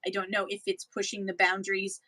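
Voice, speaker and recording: Woman from Canada, bright forceful voice, dry close mic, rambling casual explainer. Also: mid-range voice, monotone, a little fast, no room sound, poor audio. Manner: rambling, self-correcting explanations. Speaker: livestream seller and co-host. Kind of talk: casual chat.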